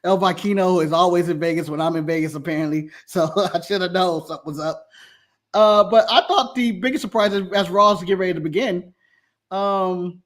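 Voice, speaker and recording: A man hosting a livestream, chatting casually about wrestling with animated, sarcastic remarks and casual swearing. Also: high voice, a little fast. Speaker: podcast host.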